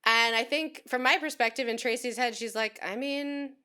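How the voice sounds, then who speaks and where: A woman's voice: on the high side, moderate pace, clear, resonant tone. A woman in her thirties co-hosting a casual recap podcast, joking and laughing as she talks. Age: 30s. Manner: animated, joking, laughs often. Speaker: podcast co-host.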